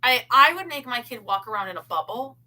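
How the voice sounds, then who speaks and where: A woman talks with her co-host in a loose, giggly way, full of fillers. Her voice is bright and a little husky, and her pitch swings widely as she talks. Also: fairly quick, poor audio. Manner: giggly, animated, frequent laughter and fillers. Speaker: podcast co-host. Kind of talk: casual chat.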